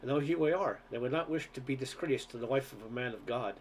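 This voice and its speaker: A man voicing a deep, soft-spoken giant henchman. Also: quick pace, slight background noise, close to an everyday voice. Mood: soft menace. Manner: courteous, regretful menace. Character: huge soft-spoken male giant henchman, politely menacing.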